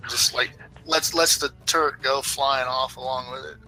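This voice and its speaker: Male player, bright sharp voice, animated narrator of his own moves. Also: medium pitch, normal speed, poor audio. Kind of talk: describing a character's moves in a tabletop game.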